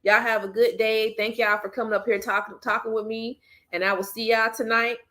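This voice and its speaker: A woman hosting a casual livestream, gently coaxing and soothing a child, then chatting easily with her viewers. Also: on the high side, level tone, a little fast. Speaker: livestream host and mother.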